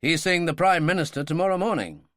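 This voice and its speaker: A man's voice: fairly high pitch, expressive, fast talker, fairly bright tone, no room sound, voice pushed up. A man voicing a composed older general who speaks in a clipped, dry way.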